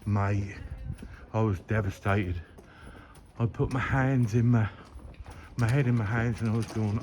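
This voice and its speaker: A man's voice: on the low side, steady tone, unhurried, a little mellow. A man in his fifties with a Norfolk accent, mumbling and rambling as he reminisces while walking outdoors. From Norwich, England. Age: 50s. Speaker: vlogger. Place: outdoors, walking by a river and streets. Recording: outdoor phone recording with background noise.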